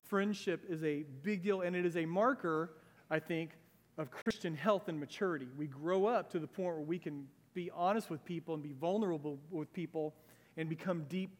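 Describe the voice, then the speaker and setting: Male pastor, middle-aged, high voice, chatty animated sermon, long hall reverb. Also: brisk. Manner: conversational, animated preaching with asides. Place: church sanctuary.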